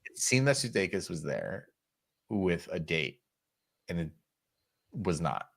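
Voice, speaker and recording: A man's voice: deep voice, slow pace, gravelly. A man co-hosting a pop culture podcast in casual chat, joking around and putting on exaggerated voices when he quotes people. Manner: animated, jokey, slips into exaggerated quoted voices. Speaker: podcast co-host.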